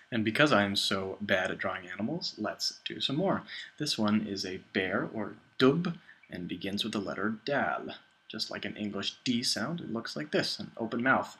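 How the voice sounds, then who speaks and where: A man teaching the Arabic alphabet in a playful, patient lesson, sounding out each letter slowly and repeating it. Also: fairly low pitch, pushed and bright, rough recording. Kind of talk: explanatory lesson narration.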